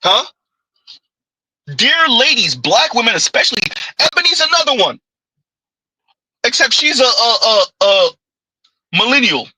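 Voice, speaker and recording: A man's voice: very high voice, big pitch swings, a little slow, pauses often, pushed and bright, husky, no room sound, low-quality recording. A man, giving an opinionated commentary monologue with emphatic call-outs and rhetorical asides. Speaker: commentary vlogger.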